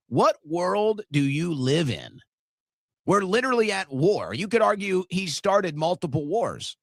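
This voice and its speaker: A man's voice: sits high, big pitch swings, a little slow, no echo, studio quality. A man hosting a show, commenting on news clips in a sarcastic, incredulous way. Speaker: show host.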